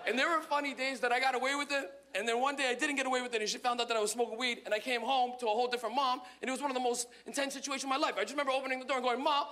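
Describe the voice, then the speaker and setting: A man telling animated stand-up stories on stage. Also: extremely high pitch, racing, few pauses. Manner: animated storytelling. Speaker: stand-up comedian. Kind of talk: stand-up comedy.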